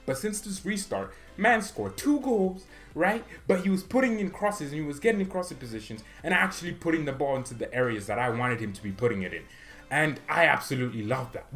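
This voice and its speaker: A man's voice: mid-range voice, animated, a little fast, fairly bright tone. A man hosting a fan channel, giving rambling, casual football commentary full of fillers. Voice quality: rambling, chatty, filler-heavy.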